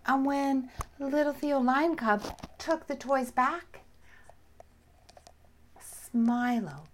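Woman storyteller, bedtime-book reading, gentle and expressive, very unhurried. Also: sits high, a little hiss or hum. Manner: gentle, expressive, often drops to a whisper.

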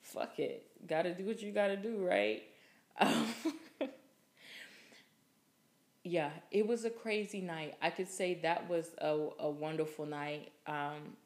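A woman's voice: low-pitched, expressive, slow pace, long pauses, darkish tone. A young woman hosting a podcast, telling a story in a casual, profane, laughing way. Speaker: podcast host.

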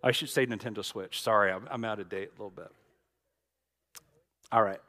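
A middle-aged man, a pastor preaching a sermon with dramatic storytelling, swinging from loud to hushed. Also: fairly low pitch, a little fast.

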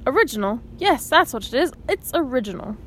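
A woman's voice: high voice, sing-song, a little fast, a bit bright, slight background noise. A woman voicing a young boy, guarded and defensive. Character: boy hero, guarded and anxious.

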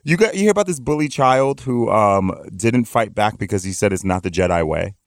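A man co-hosting a podcast in casual banter, animated and profane, teasing his partner. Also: on the low side, brisk, no room sound, studio quality. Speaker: podcast co-host.

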